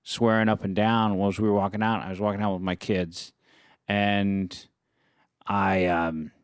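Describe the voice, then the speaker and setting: Guy in a podcast chat, gets fired up telling stories, clean clear voice, dry mic. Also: fairly low pitch, a little slow, dry recording. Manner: animated, fired-up storyteller. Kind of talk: casual storytelling chat.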